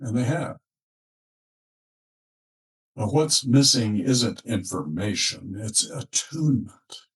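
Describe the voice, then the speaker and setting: Measured, unhurried male counselor, distant mic. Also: fairly low pitch, expressive. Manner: slow, measured, with thoughtful pauses. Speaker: relationship counselor. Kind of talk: reflective spoken monologue.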